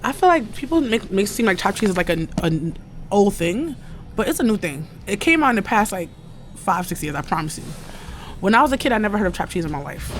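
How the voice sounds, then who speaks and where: A woman's voice: medium pitch, sing-song, fast, slight background noise. Chatty New woman vlogging. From New York. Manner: chatty, slangy, rambling asides. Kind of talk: casual vlog chat.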